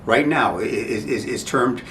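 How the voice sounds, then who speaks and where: A man talks through breathing practice in a loose, halting way, restarting phrases and checking in with listeners. His voice sits in a middle register and sounds set back from the mic. The room is echoey, with a faint rumble underneath. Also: fairly bright tone, recorded from a distance. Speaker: breathing instructor. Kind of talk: informal spoken instruction.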